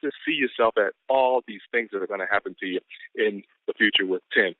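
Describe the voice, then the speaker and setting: A man's voice: lowish voice, a little fast, no room sound. A man giving an exuberant motivational pep talk on a business call, whooping and calling out to the listeners. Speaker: business caller giving the daily quote. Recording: tinny phone line.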